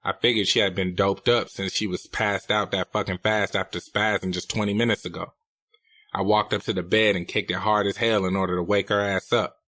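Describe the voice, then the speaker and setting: A man's voice: low-pitched, steady tone, fairly quick, pushed and bright, no echo. A man narrating a novel in the first person, in a blunt, profane, streetwise manner. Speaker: audiobook narrator.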